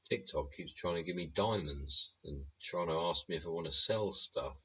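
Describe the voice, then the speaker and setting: A man's voice: low voice, normal speed, pushed and bright, slightly rough, lo-fi sound. A man hosting a live stream, ranting bluntly and rambling with plenty of swearing. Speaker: livestream host.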